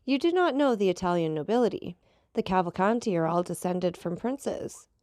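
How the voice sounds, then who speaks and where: A man's voice: sits high, lively intonation, moderate pace, a little mellow, dry recording, clean studio sound. A woman reading as a composed, mocking male count who hosts a dinner. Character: mysterious wealthy male count, calm, ironic host.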